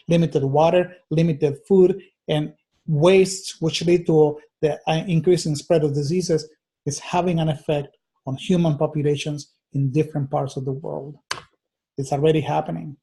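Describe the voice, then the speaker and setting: Earnest lecturing man, mellow voice. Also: fairly high pitch. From United States. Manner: earnest, thinking aloud with many fillers and restarts. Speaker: teacher. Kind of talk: recorded lecture.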